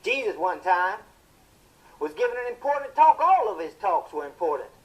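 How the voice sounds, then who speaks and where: An actor playing a fiery male television preacher, delivering a sermon in a booming, impassioned style with drawn-out emphatic phrases. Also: big pitch swings, rough recording.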